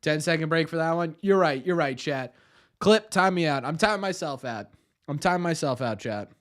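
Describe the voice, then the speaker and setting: Young male streamer host, excitable and self-deprecating, lively pitch swings. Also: normal speed. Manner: excitable, self-mocking banter with chat. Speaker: livestream host. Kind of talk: casual live watch-party chat.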